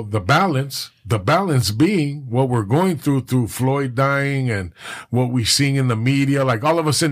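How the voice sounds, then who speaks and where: A middle-aged man from Southern California, a podcast guest, talking candidly in emphatic, profane, rambling street talk. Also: medium pitch. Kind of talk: candid personal conversation.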